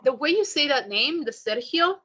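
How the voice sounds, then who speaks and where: A woman tutor on a video call, modelling words for her student and cheering him on. Her voice is bright and a little high, and the audio comes through dull and lo-fi. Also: lively intonation, moderate pace. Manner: encouraging, corrects pronunciation by repeating words. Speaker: Spanish tutor. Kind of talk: online one-on-one lesson.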